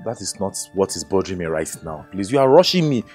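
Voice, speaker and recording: An actor with a Nigerian accent playing a restless, evasive fiancé who turns defensive in a movie drama. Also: male voice, very animated, quick pace. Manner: defensive, evasive, bursts into high shouts. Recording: faint background music score.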